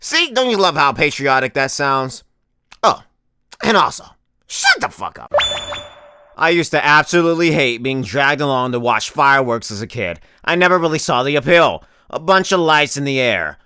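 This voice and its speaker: A man's voice: medium pitch, big pitch swings, normal speed, sharp tone, clear, resonant tone, no room sound, clean studio sound. A young man in his twenties doing a crude, exasperated comedic rant as a vlogger.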